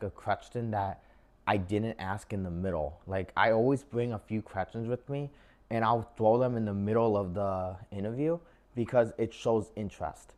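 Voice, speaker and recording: A man's voice: on the low side, a little mellow. A young man casually giving job interview advice to his viewers, chatty and full of filler words. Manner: chatty, lots of "like" and "um" fillers, addresses viewers as guys. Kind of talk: casual advice talk to camera.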